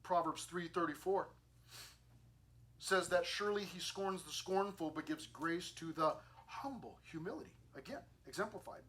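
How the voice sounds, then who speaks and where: A man's voice: high-pitched, lively intonation, normal speed, a bit bright. A male pastor preaching a sermon, telling a scripture story with acted-out lines and sound effects, then reading scripture and a poem aloud. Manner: reads scripture and poetry aloud.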